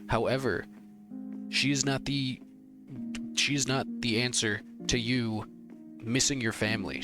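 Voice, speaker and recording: A young man giving emotional, rambling gameplay commentary, arguing with the characters on screen. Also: fairly low pitch. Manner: rambling, heated, talks to the screen. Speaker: let's play gamer. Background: game music.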